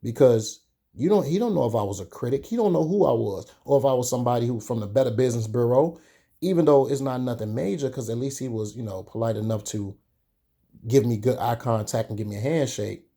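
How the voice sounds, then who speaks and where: Candid and conversational, a young Chicago man who vlogs about sneakers recounts a story to his viewers, pausing at length along the way. His voice is ordinary in pitch, mellow, and warm.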